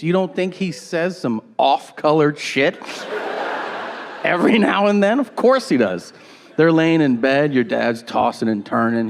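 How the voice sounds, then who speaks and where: Slow, lively-pitched male comic. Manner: slow, drawn-out delivery with playful teasing. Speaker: stand-up comedian. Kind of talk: stand-up set. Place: comedy stage before a live audience.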